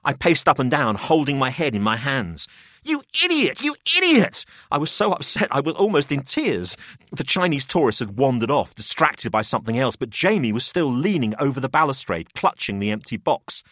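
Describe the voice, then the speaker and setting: A man narrating a macabre tale in the first person, expressive and dramatic. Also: medium pitch, fairly quick, dry recording, clean studio sound. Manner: expressive, rising to frantic shouts in dialogue.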